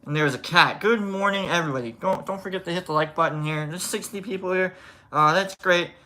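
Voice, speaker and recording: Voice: mid-range voice, quick pace, sharp tone. A live stream host chatting casually, telling a rambling story and greeting viewers in the chat.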